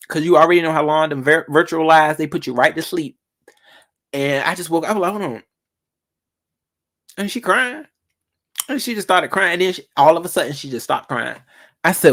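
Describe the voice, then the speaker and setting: A man's voice: fairly high pitch, a bit bright. Sassy, dramatic man ranting to viewers. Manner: sassy and dramatic, drawn-out emphasis. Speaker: vlogger. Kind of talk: casual commentary to viewers.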